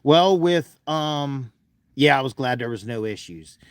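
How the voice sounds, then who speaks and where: A man's voice: mid-range voice, expressive, unhurried, no room sound. Folksy man hosting a livestream. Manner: folksy, affectionate with animals. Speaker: livestream host. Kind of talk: casual livestream chat.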